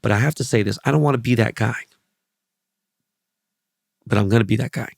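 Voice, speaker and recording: This podcast host, a man in his forties, delivers a casual monologue in a gravelly voice at ordinary pitch and a fairly quick pace. He rambles, swears freely and tells his stories with plenty of animation. The close mic is dry, with no room sound.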